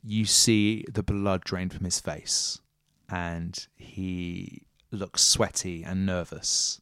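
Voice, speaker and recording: A man running a tabletop role-playing game, unfolding the story in a measured way with casual asides. His voice sits low and sounds smooth and resonant. The recording is close and dry on a podcast mic. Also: fairly even intonation, fairly bright tone, dry recording. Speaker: game master.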